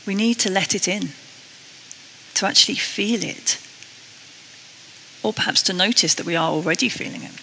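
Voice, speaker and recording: A British woman preaching a sermon, earnest and a little self-deprecating, slowing down to read scripture. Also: mid-range voice, pushed and bright, in a large hall, slight background noise, low-quality recording. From Britain.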